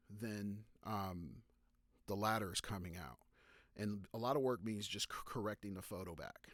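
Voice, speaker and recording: A man's voice: mid-range voice, fairly bright tone, no echo, studio quality. A man giving photography tips on a live stream, talking loosely with fillers and restarts and stopping to answer viewer questions. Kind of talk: casual live-stream talk.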